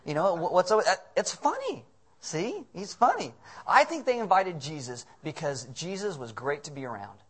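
A man's voice: a little high, normal speed, breathy edge. A man preaching a sermon as pastor, telling stories with humor and acting out the voices. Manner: humorous, animated storytelling with acted voices.

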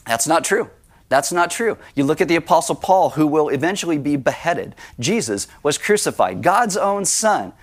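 A middle-aged man preaching a sermon in an animated way, sometimes acting out Bible scenes with sudden high cries. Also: moderate pace. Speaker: pastor.

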